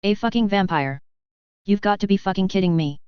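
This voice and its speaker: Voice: mid-range voice, brisk, clear, resonant tone, no room sound, lightly acted. A reader voicing a tough former soldier, a man who curses and speaks tensely under attack, on a slightly dull recording. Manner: cursing, tense.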